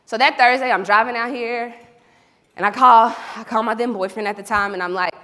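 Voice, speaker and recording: On stage in a big, reverberant event hall, a lively Oklahoma woman gives a motivational keynote. She talks slightly high and slightly fast, addressing the crowd directly as she animatedly tells her stories.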